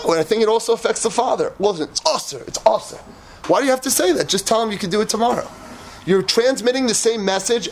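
A man, a rabbi, giving a lively Torah talk with laughing asides and acted-out quotes. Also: sits high, a little hiss or hum.

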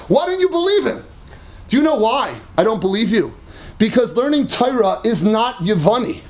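A man gives a Talmud lecture to a class in a very high voice. His pitch leaps up and down as he makes his points with animated emphasis. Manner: animated and emphatic, mixing Hebrew and Aramaic terms, laughing at his own points. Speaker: Torah teacher.

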